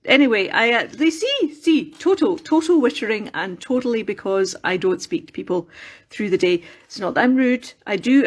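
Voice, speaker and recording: A woman with a Scottish accent chatting casually on a live stream from a workshop in a mill, rambling and wandering off on tangents while she sculpts. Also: mid-range voice. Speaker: craft livestreamer. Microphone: phone.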